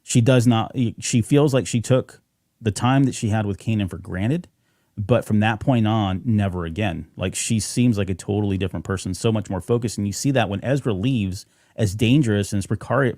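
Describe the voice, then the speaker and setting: A man's voice: on the low side, dark tone, no echo, clean studio sound. A man co-hosting a fan podcast, chatting casually and rambling with fillers and restarts. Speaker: podcast co-host.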